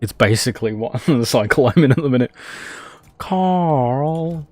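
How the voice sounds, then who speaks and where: A man's voice: mid-range voice, quick pace, a little mellow, slightly rough, no echo. Rambling man streaming a game. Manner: rambling, self-mocking, talks to himself. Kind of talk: casual gameplay commentary.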